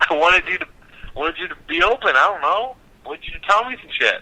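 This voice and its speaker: Bright-voiced young man telling stories. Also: high-pitched, a little fast, poor audio. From Nebraska. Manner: animated storytelling, acts out quotes, swears freely. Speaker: podcast co-host. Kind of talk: casual chat.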